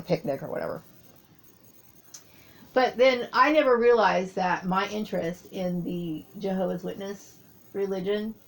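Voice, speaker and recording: A woman talking through a personal memory in a rambling monologue, often pausing to search for her words. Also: mid-range voice, vocal fry, a little mellow, low-quality recording.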